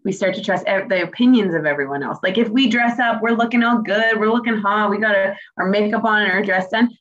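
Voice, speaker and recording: A woman's voice: medium pitch, a little fast, a bit bright. Woman co-host, sincere and encouraging, recorded with muffled lo-fi audio. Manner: earnest, reflective, encouraging. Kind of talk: casual chat. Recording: dull, slightly lo-fi sound.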